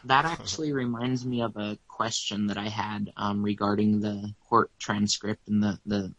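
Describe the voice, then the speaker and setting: Brief: American man, low flat voice, hesitant questioner, dull dry recording. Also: moderate pace. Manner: hesitant, many fillers. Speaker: participant asking questions. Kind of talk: casual group discussion.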